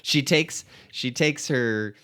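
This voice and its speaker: A man co-hosting a podcast, chatting casually about a film with quick asides and jokes. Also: medium pitch, pushed and bright, clean tone. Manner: easygoing, quick agreeing asides and quips. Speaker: podcast co-host.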